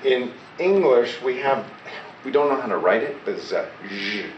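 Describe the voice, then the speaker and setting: A man's voice: mid-range voice, animated, normal speed, lo-fi sound. A man teaching a class, prompting his students to repeat words and answer his questions. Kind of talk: classroom lesson. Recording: echoey classroom recorded from far off with loud background noise.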